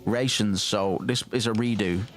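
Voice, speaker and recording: A man's voice: steady tone, normal speed, music in the background. A man streaming a video game, talking casually and profanely, cracking jokes and breaking into improvised rhymes. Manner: profane, joking, breaks into improvised rhymes and sudden high yelps. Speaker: gaming streamer. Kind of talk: casual let's-play commentary.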